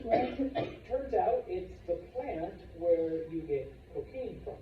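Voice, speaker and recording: A man's voice: sits high, a little slow, few pauses, a little hiss or hum. A man teaching history in a casual, jokey way, acting out people's voices while he lectures to a classroom. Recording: roomy, distant, dull classroom recording.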